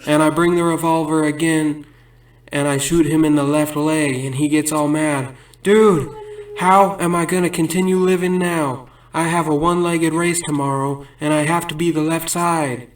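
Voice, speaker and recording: A man's voice: fairly high pitch, level tone, normal speed. A man telling a string of absurd stand-up jokes in a rambling way, laughing at his own punchlines between bits. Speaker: comedian. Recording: roomy sound from a distant mic.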